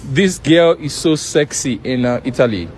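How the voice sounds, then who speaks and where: A man's voice: mid-range voice, expressive, moderate pace. A man interviewing people on the street, asking playful, teasing questions. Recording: street crowd behind.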